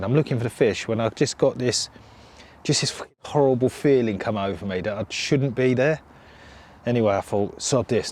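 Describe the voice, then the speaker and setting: A man, a carp angler, telling a ghost story in a casual, lively way and acting out the voices of the people he quotes. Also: mid-range voice. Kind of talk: casual anecdote. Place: outdoors by a lake.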